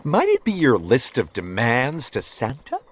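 A sneering, Christmas-hating green creature mocks and teases in a film. His pitch leaps and drops all over the place, while the voice itself sits at a middling height. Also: huge pitch swings, unhurried, slightly rough, full character voice. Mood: mocking.

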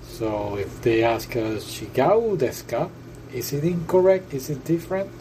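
A man's voice: medium pitch, animated, normal speed, dark tone, a little hiss or hum, poor audio. Chatty man tutoring through an app lesson. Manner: repeats phrases, self-correcting, chatty. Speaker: language tutor. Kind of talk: casual lesson walkthrough.

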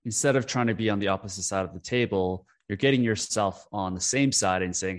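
A man's voice: deep voice, brisk, dry recording. A man hosting an interview, summarizing the guest's points and asking follow-up questions, with some fillers. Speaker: podcast host. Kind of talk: interview conversation.

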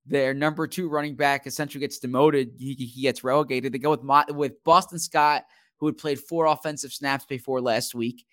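Halting man on a sports podcast. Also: mid-range voice, steady tone, a bit bright, no room sound, studio quality. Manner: halting, many restarts and fillers. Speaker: podcast co-host, sports writer. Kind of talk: casual sports podcast chat.

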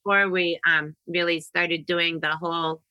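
A middle-aged woman hosts a loose, chatty interview with a vivid, very bright voice. She tells stories with frequent laughs and casual swearing. The sound is dry and close. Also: fairly low pitch, flat delivery, unhurried, clear, resonant tone, no room sound, low-quality recording. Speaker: podcast host.

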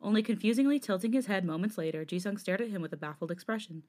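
A woman co-hosting a podcast, reading fanfiction aloud in a steady narrating manner. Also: mid-range voice, quick pace. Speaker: podcast co-host.

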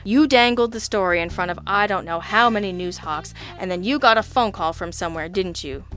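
A woman's voice: mid-range voice, a little fast, fairly bright tone, soft background music, lightly acted. A woman voicing a wisecracking, easygoing male private detective who delivers dry, flippant quips in an audiobook. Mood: pointed. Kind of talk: audiobook character voice.

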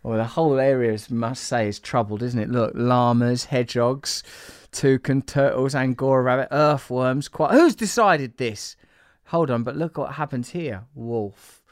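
A man's voice: medium pitch, measured pace, dry recording, studio quality. A man hosting a podcast in loose, rambling chat, teasing his co-host and laughing often. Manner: playful, teasing, breaks into laughter.

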